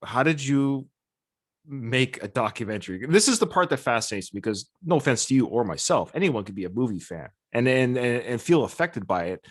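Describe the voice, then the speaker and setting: A man's voice: mid-range voice, lively intonation, a little fast. A man hosting a podcast interview, talking with enthusiasm and rambling through restarts and asides. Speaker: podcast host.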